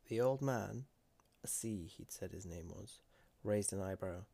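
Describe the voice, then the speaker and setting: A man narrating a fantasy story in a measured, deliberate way with dramatic emphasis. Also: lowish voice, creaky, dark tone.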